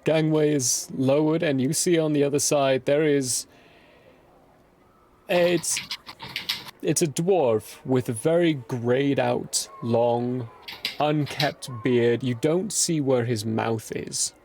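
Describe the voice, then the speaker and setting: A man's voice: mid-range voice, takes it slowly, darkish tone, slight background noise. A man narrating a tabletop game as game master, describing scenes while searching for words.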